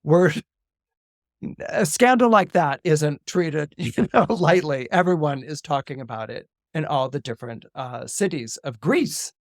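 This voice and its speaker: A man, an astrologer guest on a podcast, retelling a Greek myth in a lively, dramatic way with casual asides. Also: fairly high pitch, measured pace, no echo, studio quality. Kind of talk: animated myth storytelling on a podcast.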